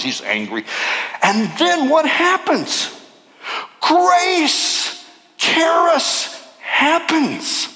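A male pastor preaching a sermon in an animated way, breaking into acted-out voices and jokes. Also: sits high, slow pace, big-room sound.

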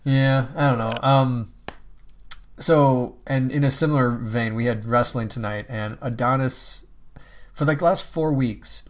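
A man in casual conversation who laughs often and lets swear words slip freely. His voice sits at an everyday pitch. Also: normal speed. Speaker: parent. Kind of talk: casual chat.

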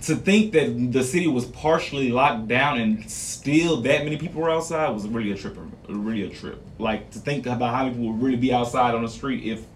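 Fast-talking man in casual chat. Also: mid-range voice. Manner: chatty, quick. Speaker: radio co-host. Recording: distant mic with faint noise.

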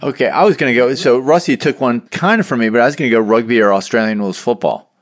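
A man's voice: mid-range voice, fast talker. A man hosting a podcast, asking long, thoughtful, probing questions. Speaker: podcast host. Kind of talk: interview questions.

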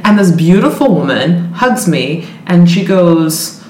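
A woman hosting a casual chat, telling an anecdote in an animated way and laughing often. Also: fairly low pitch, measured pace. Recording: echoey room with faint noise.

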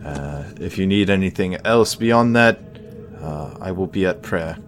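A man voicing a polite, formal village priest in a measured, unhurried way. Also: sits low, animated, soft background music. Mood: courteous.

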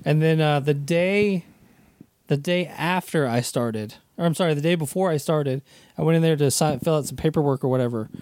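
Male podcast co-host, higher voice, dry sound, easygoing and quick to laugh. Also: a little mellow, dry recording. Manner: short reactions and laughter. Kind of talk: casual chat.

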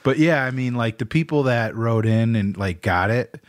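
A man co-hosts a podcast in casual chat, reading out listener lists with loose laughter and free swearing. His medium-pitched voice has lively intonation at a normal speed, with clean studio sound and no room echo.

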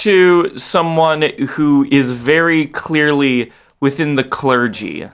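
Guy game master narrating, slightly high voice, goes into loud squeals when excited. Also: slow pace, clean tone. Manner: animated, breaks into laughter and high squeals.

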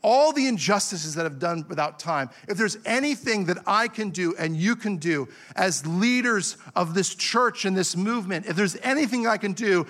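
A man's voice: high voice, expressive, moderate pace, hardly any pauses, fairly bright tone. A man preaching a sermon in a church, impassioned and building to emphatic peaks, with self-deprecating asides. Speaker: pastor.

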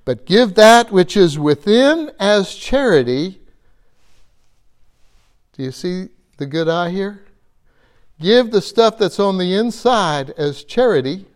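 A man's voice: high voice, a little mellow. A man preaching a conversational sermon, earnest, asking his listeners questions and repeating phrases for emphasis.

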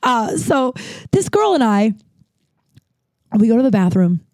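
A woman in her thirties telling a personal story on her podcast, rambling and animated, full of fillers and restarts. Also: a little high, a little slow, no room sound, clean studio sound. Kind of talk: casual storytelling monologue.

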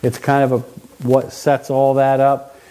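A man's voice: medium pitch, completely flat delivery, a little slow, dark tone, slight background noise. A man hosting a podcast in casual joking chat, reading out viewer comments. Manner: jokey, reads out viewer comments. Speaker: podcast host.

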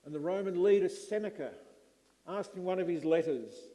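A middle-aged man preaching a sermon, slow and emphatic with dramatic pauses. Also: high-pitched, dark tone, long reverb tail.

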